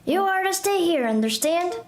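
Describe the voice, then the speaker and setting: A woman's voice: very high voice, expressive, moderate pace, echoey room, slight background noise, pitched above the performer's own voice. A woman reading as a stern old grandmother. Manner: strict, commanding.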